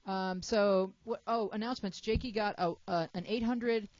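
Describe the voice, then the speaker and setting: A woman's voice: medium pitch, moderate pace, dull audio, heavy background noise. A woman hosting a talk show in a chatty, playful way, jet lagged and joking with her young panel. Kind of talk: casual chat.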